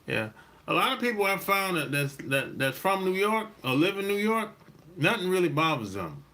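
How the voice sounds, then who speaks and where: A man hosting a dating-advice channel, talking in a relaxed, rambling monologue, repeating his points and laughing often. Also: high voice, normal speed. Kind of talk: casual monologue.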